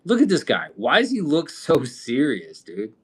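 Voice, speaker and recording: A man's voice: mid-range voice, huge pitch swings, moderate pace, slightly rough. A man from the Midwest chatting casually on a live stream, rambling with loose slang and casual swearing. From American Midwest.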